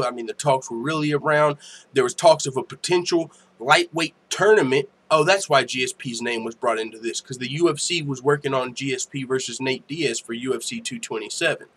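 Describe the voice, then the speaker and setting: A man's voice: a little high, a bit bright, a little hiss or hum. A man hosting a casual MMA news livestream, joking loosely, swearing often and reading viewer comments aloud. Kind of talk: casual profane livestream chat.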